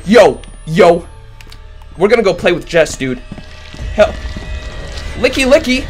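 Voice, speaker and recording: A man's voice: high-pitched, sing-song, takes it slowly, pauses often, soft background music. Jumpy, swearing man gaming. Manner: frantic, swears constantly, yelps and shouts in fright. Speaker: gaming YouTuber. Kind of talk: horror game playthrough commentary. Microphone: webcam setup with face cam.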